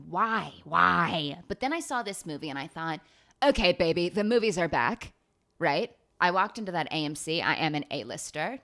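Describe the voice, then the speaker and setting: Low-voiced woman doing a profane comic rant. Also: fairly bright tone. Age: 20s. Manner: profane, rambling, self-mocking. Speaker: comedian host. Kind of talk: comedic monologue.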